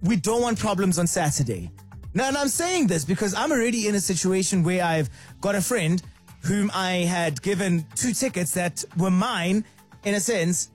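High-voiced, playful radio host. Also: male voice, normal speed, husky, faint music behind. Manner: lively, sing-song and playful. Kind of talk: upbeat radio chat. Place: radio studio.

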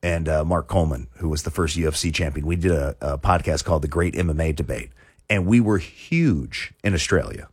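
A man's voice: extremely low pitch, brisk, breathy edge, no echo, clean studio sound. A man hosting a talk show, chatting casually in a rambling way with many restarts and chuckles. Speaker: show host.

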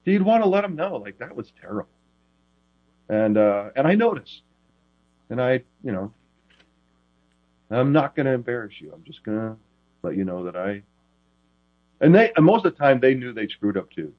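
A man who is a former quarterback, talking as a guest in a casual interview, telling rambling, animated stories full of restarts. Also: medium pitch, moderate pace, pauses often, dry recording, phone-quality sound.

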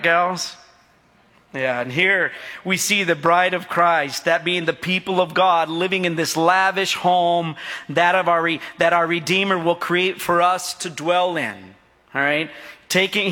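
A sharp-toned, high-sitting voice carries this middle-aged pastor's sermon through an echoey hall. Joking along the way, he calls on the congregation to reply.

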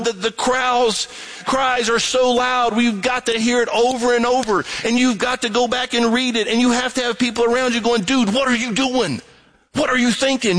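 High-voiced animated male preacher. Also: rough recording. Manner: animated, acts out voices and alarm sounds. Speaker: pastor. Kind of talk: sermon.

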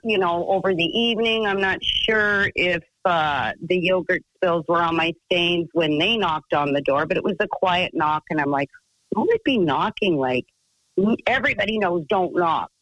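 A woman's voice: on the low side, normal speed, a bit bright, no echo, low-quality recording. A woman caller rambles through a long personal story, piling on fillers and restarts. Her voice sounds close and dry, with no room around it. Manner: chatty, rambling, full of fillers.

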